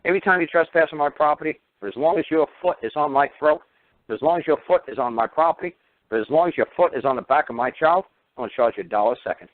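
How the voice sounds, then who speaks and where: A man's voice: on the high side, quick pace, no echo. A man lecturing on a radio talk show in a combative, mocking and crude way. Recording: tinny phone-line radio audio.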